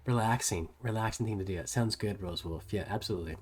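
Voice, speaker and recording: A man with a soft US West Coast American accent, casually chatting with viewers on a livestream while painting miniatures. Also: fairly low pitch, gravelly. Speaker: livestream host.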